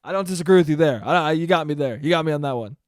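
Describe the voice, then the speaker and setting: A young man hosts a solo podcast in a casual, rambling monologue. His voice is fairly high and his talk is profane and jokey. The sound is very dry and close. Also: rapid-fire, no room sound. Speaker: podcast host.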